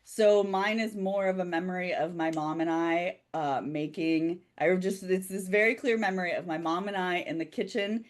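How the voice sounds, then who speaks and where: A woman's voice: on the low side, moderate pace, hardly any pauses. A chatty woman who laughs often, running a tabletop game as game master in casual chat. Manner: giggly, chatty.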